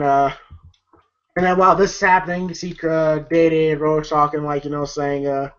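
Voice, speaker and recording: Rambling, profane male movie reviewer. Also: on the high side. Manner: rambling, profane, lots of fillers. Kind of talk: casual movie review vlog. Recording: dull lo-fi recording.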